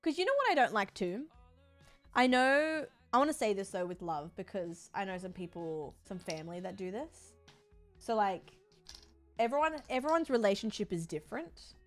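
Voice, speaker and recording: A woman's voice: mid-range voice, expressive, normal speed, soft background music. A woman streamer chatting casually while she plays, rambling and frank, swearing freely with lots of fillers. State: sore body.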